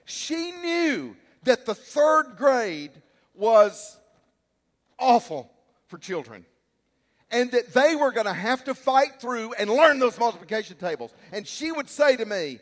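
A man preaching a sermon as a pastor, telling stories and acting out shouts and quotes with lively energy. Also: high voice, measured pace, big-room sound. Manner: animated, storytelling, acts out shouts and quotes. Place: church sanctuary.

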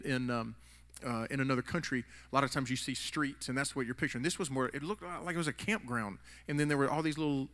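A man's voice: mid-range voice, bright, forceful tone. A man preaching a sermon in a casual, rambling way, restarting sentences as he tells a story in a church. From United States. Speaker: pastor. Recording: long hall reverb.

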